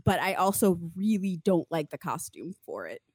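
A woman's voice: lowish voice, big pitch swings, moderate pace, a little mellow, slightly rough, no echo, studio quality. Rambling young woman podcaster. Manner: rambling, many fillers, laughs often. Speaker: podcast co-host. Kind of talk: casual chat.

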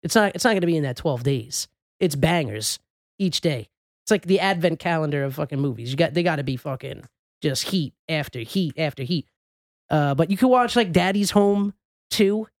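Guy rambling about movies on a podcast, kinda high voice, lots of restarts. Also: animated, normal speed. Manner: rambling, many restarts and fillers, swears casually. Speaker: podcast co-host. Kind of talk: casual chat.

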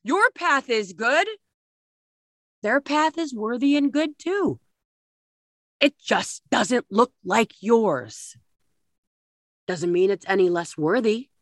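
A woman's voice: on the high side, lively intonation, slow, pauses often, no room sound, studio quality. A middle-aged woman giving a blunt, emphatic spiritual talk, swearing freely as she advises people.

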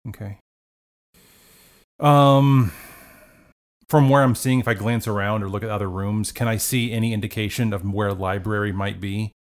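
Guy playing a tabletop game, lowish voice, hesitant, thinking out loud. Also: fairly even intonation, normal speed, long pauses. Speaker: player. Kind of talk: casual chat at a tabletop game.

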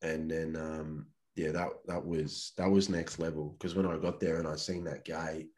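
Podcast guest: Australian man, low voice, easygoing profane storyteller. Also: flat delivery, normal speed, a little mellow. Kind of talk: casual storytelling.

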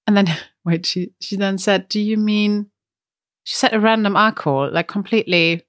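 A woman's voice: mid-range voice, brisk, fairly bright tone, dry recording, studio quality. A woman with a German accent, co-hosting a podcast in a chatty storytelling manner and laughing often. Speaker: podcast co-host. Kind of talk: casual chat.

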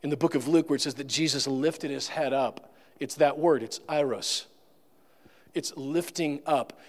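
A man's voice: on the high side, a little mellow. A male pastor giving a sermon in a conversational manner, with joking asides. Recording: long reverb of a large room.

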